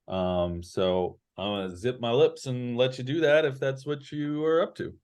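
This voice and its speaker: A man narrating as game master in an online tabletop game, relaxed and rambling with many fillers. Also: mid-range voice, moderate pace, clean tone.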